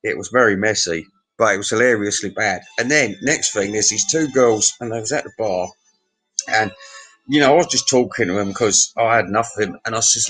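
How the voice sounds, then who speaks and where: A man's voice: medium pitch, normal speed, a bit bright, faint music behind, rough recording. A man telling a crude, meandering pub anecdote and chuckling at his own tale. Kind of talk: rambling pub anecdote monologue.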